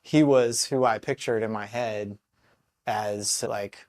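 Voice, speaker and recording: A man hosting a podcast, talking in a relaxed, open and friendly way in casual conversation. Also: lowish voice, takes it slowly. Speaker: podcast host.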